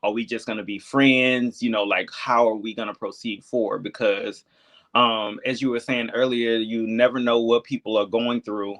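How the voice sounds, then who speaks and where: Guy around thirty, talks slow and thoughtful, lots of ums, regular pitch. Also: fairly even intonation, fairly bright tone. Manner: hesitant, reflective, many filler ums. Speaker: podcast guest. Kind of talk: candid conversation.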